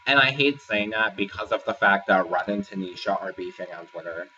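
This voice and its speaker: A man's voice: lowish voice, fairly even intonation, a little fast, pushed and bright, a little hiss or hum. A man casually recapping a reality show episode in a rambling, filler-heavy way. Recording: distant, dull lo-fi sound with faint ambience.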